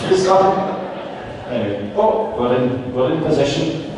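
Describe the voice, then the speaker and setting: A man's voice: mid-range voice, expressive, moderate pace. Scottish man compering in an echoey hall. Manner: chatty anecdote-telling, self-deprecating jokes. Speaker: concert compere. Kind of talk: stage patter introducing band items. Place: large concert hall with audience. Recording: echoey hall from far off, audible hiss.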